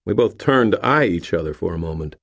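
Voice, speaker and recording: A man narrating a story in the first person, in a dry, low manner. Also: lively intonation, fairly quick, vocal fry, a bit bright. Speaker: audiobook narrator. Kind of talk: scripted narration.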